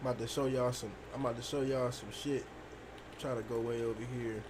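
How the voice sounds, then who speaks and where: A young man casually telling a rambling, profane story while streaming a game, animated and full of fillers. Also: medium pitch, a little fast, noisy background. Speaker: gaming streamer.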